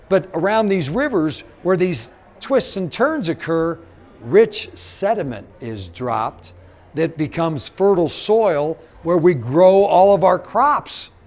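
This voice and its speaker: A middle-aged man from Missouri giving a live motivational talk, telling stories, acting out the quotes and speaking straight to the audience. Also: on the high side. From Missouri, USA. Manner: animated storyteller, acts out quotes, addresses the audience directly.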